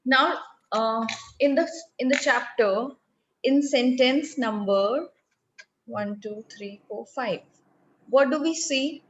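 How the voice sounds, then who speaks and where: Over a video call, a woman with an Indian English accent teaches a French class slowly and patiently, one step at a time. Her voice is fairly high, and the audio is dull and lo-fi with a faint hiss.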